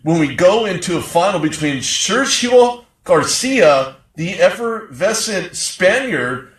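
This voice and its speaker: Chatty high-voiced male sports host. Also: big pitch swings, slow, recorded from a distance. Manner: chatty, rambling and jokey. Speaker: sports talk show host. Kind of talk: casual sports talk. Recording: echoey room, off-mic.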